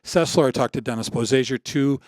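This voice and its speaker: A man's voice: mid-range voice, fairly quick. A man in his sixties from Michigan, a podcast guest telling a personal story in casual conversation, acting out what others said with lots of restarts. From Michigan, USA. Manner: animated storyteller acting out dialogue, many restarts.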